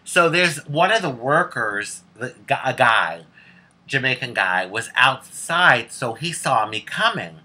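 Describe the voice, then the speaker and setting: Sassy american lady telling stories to camera, super animated voice, cracks herself up. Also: a bass voice, a little slow, breathy edge. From United States. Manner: sassy, candid, laughs often. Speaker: vlogger. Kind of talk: casual storytelling to camera.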